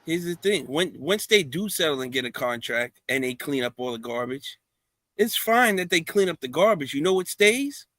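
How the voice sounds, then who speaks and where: A man with a bright, forceful, fairly high voice tells stories in a casual podcast chat. He jokes along the way and acts out what people said. The sound is dry and close. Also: expressive, normal speed, no echo. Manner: storytelling, jokey, acts out quotes. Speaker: podcast co-host.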